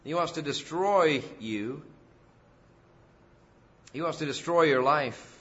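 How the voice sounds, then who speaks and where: Emphatic preaching man, bright and forceful. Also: fairly high pitch, takes it slowly, highs cut off. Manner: emphatic preaching, rising loud on key phrases. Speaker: pastor. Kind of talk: sermon.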